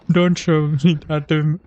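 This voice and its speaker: A man's voice: a little high, warm tone, no echo. A man doing sarcastic reaction commentary, mocking fear and repeatedly breaking into laughter, swearing often. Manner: sarcastic mock terror, keeps breaking into laughter. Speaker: streamer reacting to videos. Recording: slightly dull lo-fi audio.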